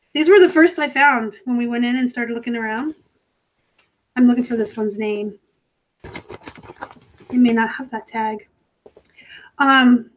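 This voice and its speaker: A fairly high-voiced woman chatting on a live stream from her home workspace. She rambles from one thing to the next, dropping in plenty of fillers and correcting herself as she goes. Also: slight background noise, poor audio. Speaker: host of a live reselling show. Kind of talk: casual live-stream chat. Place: home room set up for work.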